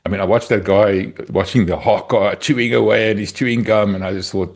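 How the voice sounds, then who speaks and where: A South African man co-hosting a rugby podcast, chatting casually with a relaxed, wry, teasing manner. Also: lowish voice, fairly quick, creaky, few pauses. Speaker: podcast co-host. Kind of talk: casual chat.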